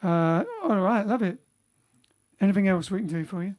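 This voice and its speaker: A man's voice: sits high, moderate pace, darkish tone. Rambling chatty man on a livestream. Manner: rambling, chatty, with many fillers and restarts. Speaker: band member hosting a livestream. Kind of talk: casual livestream chat reading viewer comments. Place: home during lockdown.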